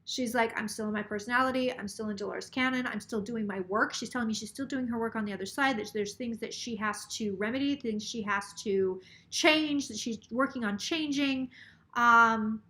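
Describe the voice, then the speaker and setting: A woman psychic on a casual live stream, a bit tipsy, relays a spirit's words in a rambling way, swearing freely and quoting the spirit aloud. Her voice is a little high and sharp-toned, at normal speed.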